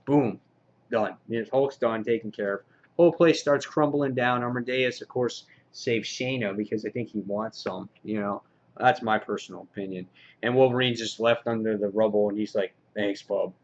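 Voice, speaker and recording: A man giving a casual comic book review, with many "uh" fillers, getting excited as he retells the story. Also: on the low side, moderate pace, dull audio. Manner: frequent "uh" fillers, excitable retelling with quoted lines.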